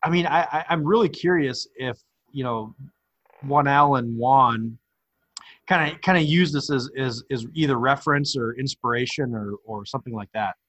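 A man's voice: mid-range voice, moderate pace, fairly bright tone. A man co-hosting a podcast, chatting about a movie in a hesitant way, often starting over mid-sentence. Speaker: podcast co-host. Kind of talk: casual movie review chat.

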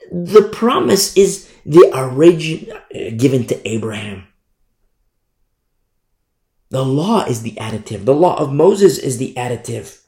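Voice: medium pitch, darkish tone, roomy sound. A preacher teaching a Bible study sermon in an emphatic, repetitive way, raising the voice to stress points.

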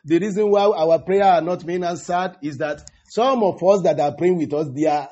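A man preaches a sermon in a high, husky voice, halting and circling back over his words. He calls out hallelujah and praise the Lord between thoughts. The recording sounds dull and lo-fi. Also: warm tone.

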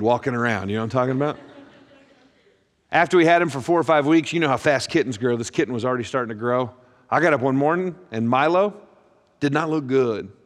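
A middle-aged man, a pastor, telling funny stories in a sermon with a deadpan, self-mocking delivery, acting out both sides of conversations. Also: mid-range voice. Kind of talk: humorous sermon storytelling. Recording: long reverb of a large hall.

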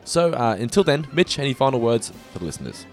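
Teasing male podcast host, lively pitch. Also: quick pace, soft background music. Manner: teasing, laughs often. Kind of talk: casual chat.

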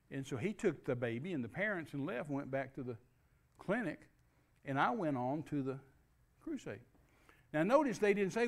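An older man preaches to a congregation. He tells a story in a folksy way, full of restarts, and his voice sits a little high for a man. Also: expressive, normal speed. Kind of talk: sermon storytelling.

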